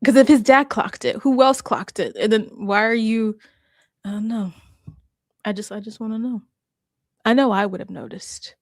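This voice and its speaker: A woman's voice: a little high, normal speed, long pauses, a little mellow, dry recording, studio quality. A woman hosting a casual reaction chat, talking with laughs and acting out quotes. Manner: chatty, laughs often, acts out quotes. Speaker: host.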